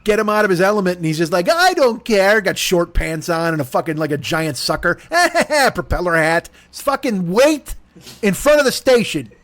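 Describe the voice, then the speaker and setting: A man with a high, very lively voice rants through a comic story, cursing freely and playing out both sides of each exchange. His exasperation carries every line, and the studio sound is close and dry. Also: normal speed, dry recording. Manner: profane, exasperated, acts out both sides of conversations. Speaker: podcast host. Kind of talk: comedic ranting story.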